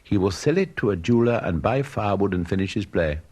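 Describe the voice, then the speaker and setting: A noble, sorrowful statue of a prince from a storybook, as a man plays him. His low, husky voice is gentle yet commanding. Quiet and grave. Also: lively intonation, fast talker.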